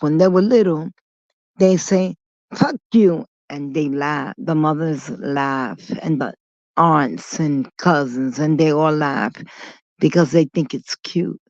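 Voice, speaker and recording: A woman in a slow, rambling vlog monologue, blunt and swearing freely as she drifts off topic and back. Her voice sits dry and close, with no room around it, on a dull, lo-fi recording. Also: low-pitched, a little mellow, no echo. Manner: blunt, profane, digressive. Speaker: vlogger.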